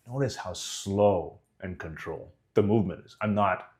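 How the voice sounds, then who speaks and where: A man's voice: on the low side, moderate pace. A man teaching how to speak with conviction, talking straight to his viewers and acting out examples. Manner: animated, demonstrates tones and faces. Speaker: communication coach. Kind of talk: direct-to-camera speaking lesson.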